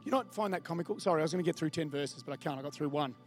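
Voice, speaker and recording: A high-pitched man delivers a sermon in a loose, conversational way. He reads scripture aloud and keeps turning to the congregation with questions. Soft music plays faintly behind him. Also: rapid-fire. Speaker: pastor.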